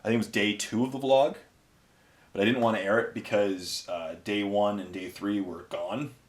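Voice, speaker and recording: In a low, steady voice at a moderate pace, a tired painting channel host chats casually while painting miniatures. He's at home near a garage, rambling in an offhand, self-amused way, and the recording has a roomy echo.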